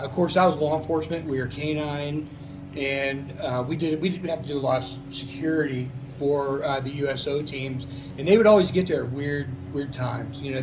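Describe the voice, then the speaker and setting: A man's voice: mid-range voice, poor audio. A man, a military veteran, telling a personal story in a casual, heartfelt, rambling way, with many restarts.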